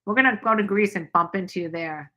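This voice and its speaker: A woman's voice: mid-range voice, fast, pushed and bright. A woman co-hosting a casual livestream chat from the American South, greeting viewers by name as she talks. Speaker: livestream co-host.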